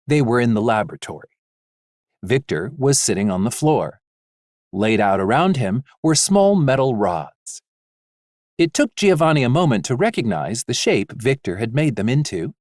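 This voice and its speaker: A man narrating a fantasy audiobook in an expressive, measured way. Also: mid-range voice, dry recording, clean studio sound. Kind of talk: scripted narration.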